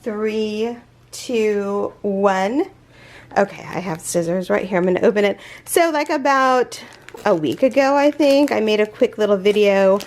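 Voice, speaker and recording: Speaking a little slowly at a medium pitch, a crochet channel host gushes over an unboxing in a casual vlog. She's excitable and rambles, restarting sentences and leaning on fillers.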